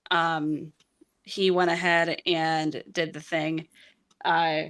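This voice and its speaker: A woman's voice: low voice, level tone, drawn-out words, fairly bright tone, clean tone, far from the mic. A woman being interviewed, recounting events in a rambling casual way with frequent restarts and swearing.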